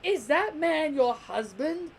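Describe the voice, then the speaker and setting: A man voicing a vain female alien warrior from a cartoon, scolding in a shrill, drawn-out way. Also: animated, gravelly, exaggerated voice. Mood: disgusted.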